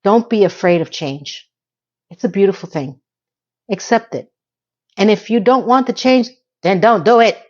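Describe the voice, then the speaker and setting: A woman's voice: mid-range voice, moderate pace, a little mellow, muffled recording. A middle-aged woman giving a chatty, opinionated recap of a TV episode and offering life advice.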